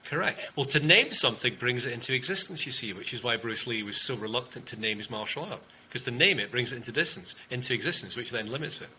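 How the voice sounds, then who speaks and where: A man, a communication coach, explaining ideas in an interview and demonstrating tone with loud and soft delivery and long pauses. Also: mid-range voice, animated, slight background noise, poor audio. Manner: demonstrative, shifts loudness and uses long pauses to show tonality.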